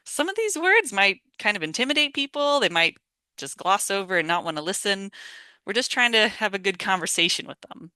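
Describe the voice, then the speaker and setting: Volunteer trainer, casual online talk, bright forceful voice, dry close sound, video call mic, laughs often. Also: mid-range voice, big pitch swings, fairly quick, smooth, no room sound. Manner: chatty and informal, laughs often, acts out sample lines. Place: home or office on a video call. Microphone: video call microphone.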